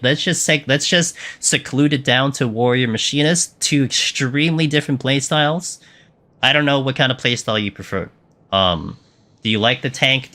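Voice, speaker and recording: Bright-voiced male game streamer. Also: medium pitch. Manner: chatty, answers chat questions, frequent fillers. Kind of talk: live gameplay commentary.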